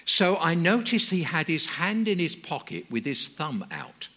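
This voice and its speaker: A man preaching a sermon, telling stories in an earnest, measured way with emphatic rises. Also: fairly high pitch, very animated, sharp tone.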